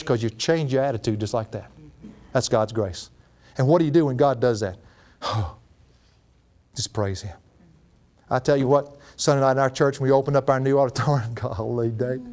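A middle-aged man preaching a sermon as a pastor, folksy and animated, laughing often. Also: medium pitch.

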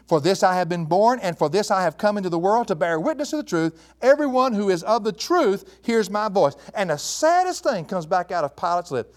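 Animated high-voiced man teaching scripture. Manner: animated, emphatic, chuckling asides. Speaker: Bible teacher. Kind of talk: verse-by-verse Bible teaching.

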